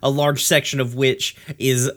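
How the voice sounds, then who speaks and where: A man in a loose podcast chat, venting his frustrations in a steady, mid-pitched voice. He swears constantly and rants his way through long, winding runs of thought. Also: unhurried. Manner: profane, ranting.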